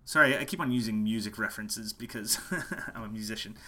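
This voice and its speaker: Emphatic bright-voiced man teaching marketing. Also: fairly low pitch, a little fast. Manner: passionate, emphatic, repeats key points. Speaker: musician teaching online marketing. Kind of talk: casual marketing talk to camera. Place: home, late at night.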